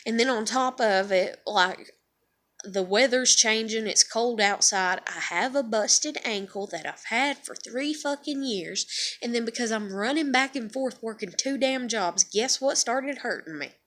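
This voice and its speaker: A woman's voice: a little high, measured pace, a bit bright. Profane, heated woman venting. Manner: heated, profane, repeats phrases for emphasis; rhetorical questions. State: upset and tired. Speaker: vlogger. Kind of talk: unscripted emotional rant to camera.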